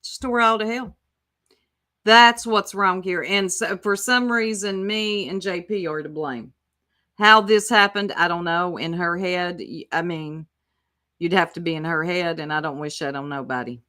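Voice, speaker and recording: A woman's voice: lowish voice, a little slow, sharp tone. A woman hosting casual reaction commentary, sarcastic and profane, talking back to the clips she plays. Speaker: YouTube commentator.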